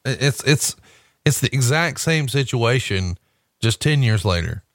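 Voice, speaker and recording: A man's voice: medium pitch, unhurried, no room sound. A man in a casual podcast chat, blunt and cursing freely as he banters. His voice sits in a middle range, and the sound is dry and close. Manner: blunt, profane, animated banter. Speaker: podcast co-host.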